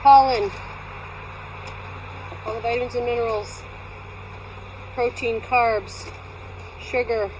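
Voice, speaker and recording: A woman beekeeper chats on camera at her bee yard, her voice sitting a little high. She teases herself as she explains her work. Outdoor noise and passing vehicles are clearly heard behind her. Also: steady tone, slow pace, pauses often. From Alaska. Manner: chatty, playful and self-teasing. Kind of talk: casual outdoor how-to vlog.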